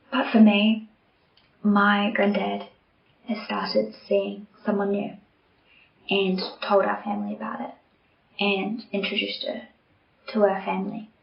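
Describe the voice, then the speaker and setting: Young woman host, candid, heartfelt monologue, occasional hushed asides, echoey room, bit dull. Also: medium pitch, vocal fry. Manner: candid, earnest, softening to near-whispers at tender moments. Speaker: podcast host. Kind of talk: personal reflective monologue. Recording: roomy, slightly dull home recording.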